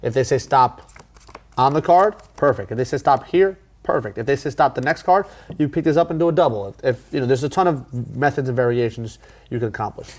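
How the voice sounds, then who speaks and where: A man teaching a card magic routine in a casual tutorial, talking in a relaxed way with plenty of fillers and restarts. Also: medium pitch, fairly quick.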